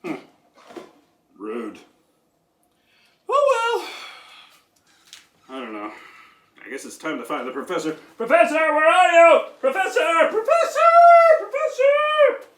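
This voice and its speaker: A man's voice: mid-range voice, wildly swooping pitch, slow, long pauses, bright, forceful tone, distant mic, exaggerated voice. A man voicing a cheerful, chatty male dragon puppet on a children's show, talking in a bouncy, theatrical way. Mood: puzzled. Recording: roomy echo.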